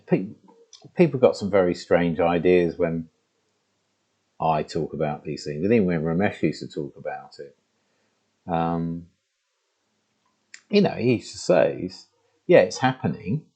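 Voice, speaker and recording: A man talks slowly into a laptop mic in a room at home. His voice is low, dark and gravelly, with a husky edge. He speaks in a halting, conversational way, often breaking off and starting again. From England. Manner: halting and conversational, with many restarts and "you know". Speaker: spiritual teacher. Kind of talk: reflective spoken monologue to camera. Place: room at home with the door open. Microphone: laptop microphone.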